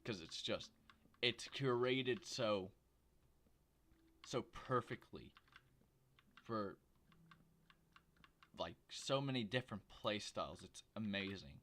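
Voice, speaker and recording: A man streaming a video game from home, chatting and joking with viewers in a rambling, casual way on a quiet desk microphone. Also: lowish voice, animated, slow pace, long pauses. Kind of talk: casual livestream commentary while gaming.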